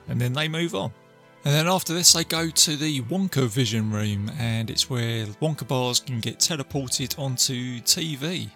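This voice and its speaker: Guy going over a movie plot, gravelly bright voice, lots of ums, faint music behind. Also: medium pitch, moderate pace. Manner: rambling retelling with many fillers. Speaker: film reviewer. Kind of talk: casual film recap to camera.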